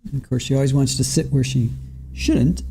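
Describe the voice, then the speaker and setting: A relaxed livestream host chatting casually through viewer comments, the voice dark and mellow with middling pitch. The talk is loose and easygoing, with small chuckles between remarks. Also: moderate pace, vocal fry, slight background noise.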